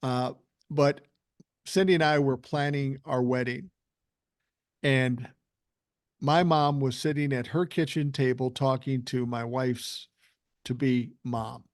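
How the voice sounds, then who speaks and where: An older man casually telling profane, animated stories as a guest on a podcast. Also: medium pitch, slow, pauses often, dry recording, clean studio sound. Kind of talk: casual storytelling chat.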